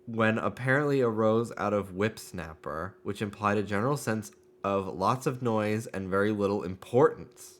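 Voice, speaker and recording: A man's voice: lowish voice, normal speed, hardly any pauses. A man streaming a video game, joking and swearing in casual, rambling commentary.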